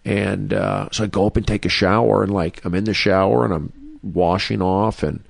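Comedian guest, male, gravelly low voice, rambling casual storyteller, close dry mic. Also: steady tone, normal speed, no room sound. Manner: rambling, full of "like" and restarts. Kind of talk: casual storytelling in a podcast interview.

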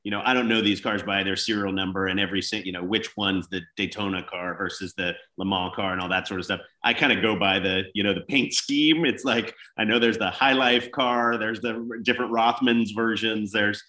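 A man with a low, bright voice asks an interview guest halting questions full of fillers. His voice echoes around the room. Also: steady tone. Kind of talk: casual interview.

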